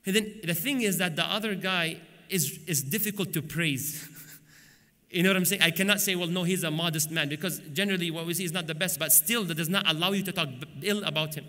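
Lively male preacher with a bright, forceful voice who acts out stories with humor, recorded in a large conference hall. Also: fairly high pitch, a little fast. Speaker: Islamic preacher. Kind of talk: conference lecture. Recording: long hall reverb.

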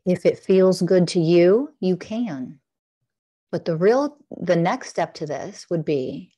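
A woman teaching a heart-centered meditation, guiding slowly with soothing, repeated affirmations. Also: fairly low pitch, expressive, warm tone. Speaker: guest, spiritual teacher.

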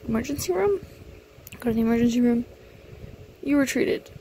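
A woman's voice: a little high, animated, moderate pace, dark tone. A woman casually narrating her gameplay, muttering menu commands aloud and sighing now and then in mild exasperation. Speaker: gaming video creator. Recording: noisy background hiss.

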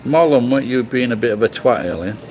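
A man's voice: mid-range voice, animated, fast, a little mellow, a little hiss or hum, poor audio. A middle-aged man from England chatting casually on a livestream, rambling and swearing bluntly as he answers comments. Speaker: livestream host.

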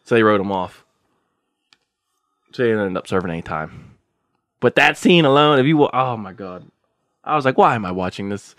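A man's voice: on the low side, moderate pace, long pauses, no room sound, studio quality. A man hosting a podcast in casual chat, retelling a story with lots of swearing and laughter. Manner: animated storyteller, swears freely, breaks into laughter. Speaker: podcast host.

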